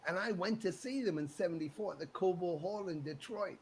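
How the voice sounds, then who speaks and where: Middle-aged English male rock musician, lively storyteller with a slightly high voice and faint hiss behind; acts out quotes, curses freely. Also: a little fast, poor audio. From England. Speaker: musician guest. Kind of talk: casual interview chat.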